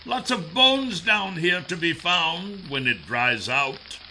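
A man voicing a cold, sneering male villain in an audiobook, drawing out his taunts slowly. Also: fairly high pitch, expressive, sharp tone, a little hiss or hum, pitched above the performer's own voice, full character voice. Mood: menacing. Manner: slow, drawn-out, taunting delivery. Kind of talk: audiobook character voice.

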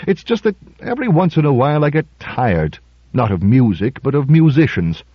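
A man's voice: medium pitch, big pitch swings, normal speed, slightly rough, dry recording, highs cut off, voice pushed up. A man doing an uneasy, hesitant violinist. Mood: confiding. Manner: hesitant, defensive. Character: uneasy male concert violinist, guarded.

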